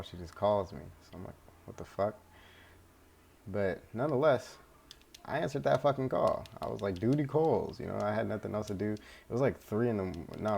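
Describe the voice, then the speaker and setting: A man's voice: on the low side, gravelly, a little mellow. A young man casually telling a story from his life, rambling, laid-back and full of swearing, recorded at home.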